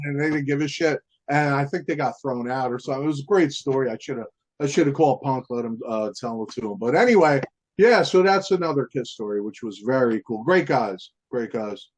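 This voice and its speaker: A man, a guest musician, telling stories in a casual interview, rambling with lots of fillers like "man" and "you know". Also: medium pitch.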